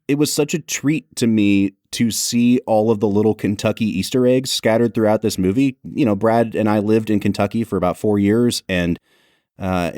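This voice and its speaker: A young adult man co-hosting a podcast in casual chat, talking in quick asides and laughing often. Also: lowish voice, dark tone, no room sound, studio quality. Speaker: podcast co-host.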